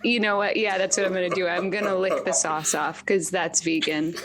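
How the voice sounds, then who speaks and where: A woman playing a tabletop game over a video call, joking in character with droll, deadpan suggestions. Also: fairly low pitch, moderate pace. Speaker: tabletop player.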